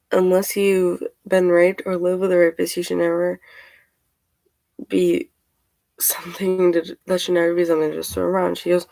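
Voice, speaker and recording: A young woman vents in a loose, exasperated rant, with a gravelly fry running through her voice. The sound is dry and close, with no room echo. She talks from a couch at home. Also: lowish voice, warm tone. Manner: exasperated ranting, retelling texts. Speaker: vlogger. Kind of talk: casual venting to camera.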